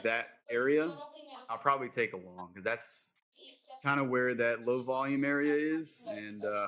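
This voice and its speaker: A man co-hosting a trading stream from his desk, casually explaining his chart levels with frequent fillers. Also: mid-range voice. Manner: relaxed, explains setups, frequent um and like. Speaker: co-host trader. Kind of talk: casual live market commentary. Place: home trading desk with monitors.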